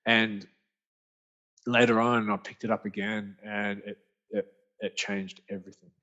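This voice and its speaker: A man tells his own story as a podcast guest, slangy and animated, acting out what his friends said. His voice sits low. The recording is muffled and lo-fi. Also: a little slow. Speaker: podcast guest, author and speaker. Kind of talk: storytelling in casual conversation. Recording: muffled lo-fi audio.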